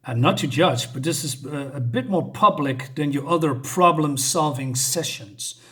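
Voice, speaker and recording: A woman's voice: sits low, moderate pace, a bit bright, breathy edge. A man reading the lines of a comic-book assistant who briefs her boss in a plain, matter-of-fact way. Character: practical assistant to a vigilante psychiatrist.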